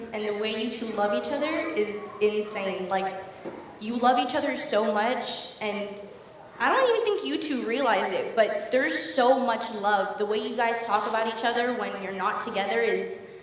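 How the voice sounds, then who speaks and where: A woman's voice: fairly high pitch, fairly bright tone, slight background noise. A young woman, the bride's daughter, giving a gushing, emotional wedding toast at a reception. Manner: emotional, gushing, laughing through tears. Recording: echoey hall from far off, crowd.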